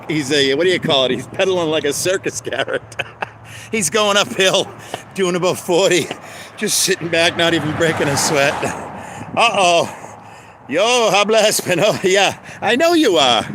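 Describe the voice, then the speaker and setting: A man hosting a rambling live stream outdoors by a road, joking, greeting viewers by name and breaking into bits of song. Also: a little high. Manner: chatty, jokey, greets viewers by name, sings snatches of songs. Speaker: livestream host. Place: outdoors by a road with passing traffic. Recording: outdoor phone recording with clear traffic noise. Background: street and car noise.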